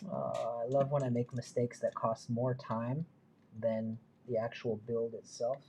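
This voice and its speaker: A man's voice: mid-range voice, little pitch movement, a little slow, dark tone. Man, livestream host, mutters to himself, self-deprecating, faint background hiss. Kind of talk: live build stream, thinking aloud.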